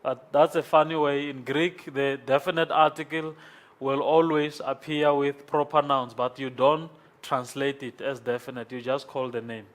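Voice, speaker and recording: A congested man with sinus trouble teaches a Greek class in a room with a board. His mid-range voice moves little in pitch at a moderate pace as he patiently repeats every form and checks in with "okay?"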